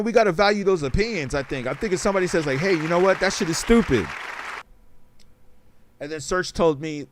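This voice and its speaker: A man's voice: high voice, dry recording. A man hosting a talk show on a livestream, chatting casually in a rambling, profane and emphatic way.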